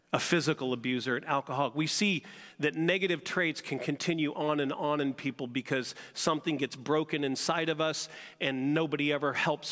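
A man's voice: mid-range voice, fairly bright tone. A man preaching a sermon as pastor, putting rhetorical questions to his congregation. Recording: long reverb of a large hall.

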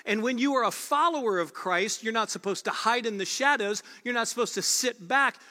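A male pastor with a high, bright, forceful voice delivers an earnest, conversational sermon. He leans on repeated phrases to drive his points home. His words ring out with a long reverb, as if filling a large church. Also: fairly quick.

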